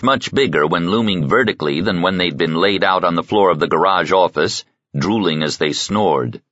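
A man reading an audiobook with lively, dramatic storytelling narration. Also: low-pitched, dry recording, highs cut off. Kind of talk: scripted narration.

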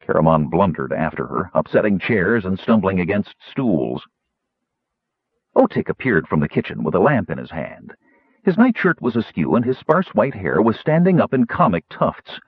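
A man reads a fantasy audiobook with an animated, swooping delivery and a lowish, husky voice. The sound is dry and squeezed thin, like a phone line. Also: moderate pace, no echo. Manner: lively, expressive reading. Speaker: audiobook narrator. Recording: tinny phone-like audiobook recording.

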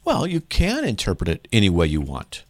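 A man hosting a radio call-in show, his lowish voice swinging up and down as he argues his point. He acts out little back-and-forth exchanges as he goes. The sound is dry and close to the mic. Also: normal speed, no room sound. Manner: animated, emphatic, argues by playing out mock dialogues. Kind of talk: call-in radio apologetics talk.

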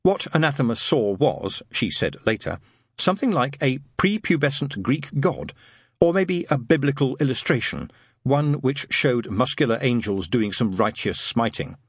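Husky, expressive male audiobook narrator. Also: mid-range voice, moderate pace, no room sound, studio quality. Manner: expressive, wry storytelling with many character voices.

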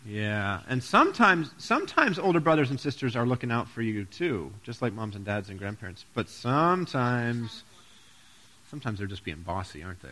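A man's voice: medium pitch, big pitch swings, normal speed, pushed and bright. A man giving a playful children's sermon, asking the kids questions and joking with them. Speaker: pastor.

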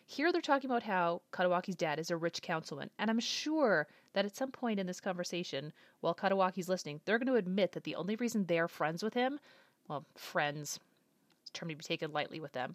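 A woman's voice: lowish voice, lively intonation, fast talker, dry recording. A woman giving casual reaction commentary on an anime episode, thinking aloud and guessing what comes next. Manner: chatty, speculative, thinking aloud.

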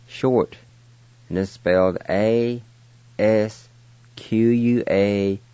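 A man's voice: lowish voice, a little mellow, no echo. A man teaching words on a radio show, spelling them out letter by letter in a patient, encouraging way. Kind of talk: slow spelled-out word lesson. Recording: dry, dull lo-fi radio sound.

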